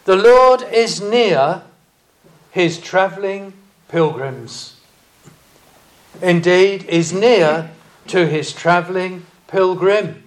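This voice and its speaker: A man preaching a sermon, speaking deliberately and rising in emphasis on key phrases. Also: high voice.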